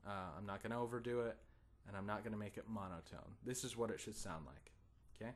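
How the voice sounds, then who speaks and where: Speaking quickly in a fairly low voice, this guitar teacher stays patient and supportive throughout the lesson. He counts his student in, then sings the strum rhythms as basic syllables with emphasis on selected beats.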